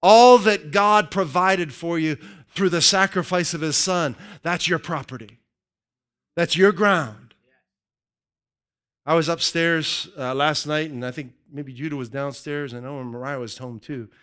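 A man preaching a sermon to his congregation in an energetic, joking way that keeps calling out to the crowd. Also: on the high side, unhurried, clean tone. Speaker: pastor.

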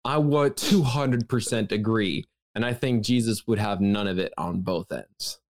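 Relaxed low-voiced man, dry sound. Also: unhurried, no room sound. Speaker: podcast co-host. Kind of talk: casual faith chat.

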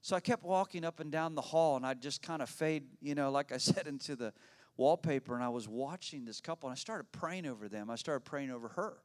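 A man's voice: medium pitch, a little fast, a little mellow. A man, a pastor telling a personal story in a sermon, talking conversationally, often repeating his words and laughing.

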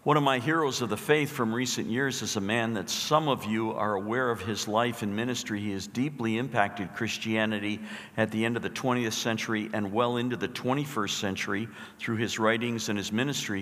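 A man's voice: lowish voice, brisk. Male preacher in a reverberant sanctuary. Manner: storytelling, animated, emphatic. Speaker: pastor. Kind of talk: sermon.

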